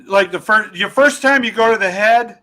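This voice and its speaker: A man with a high, bright voice, chatting as a comedian guest on a podcast. He rambles through his stories with plenty of fillers and restarts, laughing along as he goes. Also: a little fast, rough recording. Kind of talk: casual podcast chat, telling funny stories.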